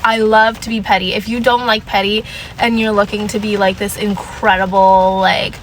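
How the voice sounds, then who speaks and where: A woman's voice: mid-range voice, little pitch movement, moderate pace, a little hiss or hum, poor audio. A young adult woman vlogging casual advice in a sassy, emphatic way, repeating her points. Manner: drops into mocking voices to quote people.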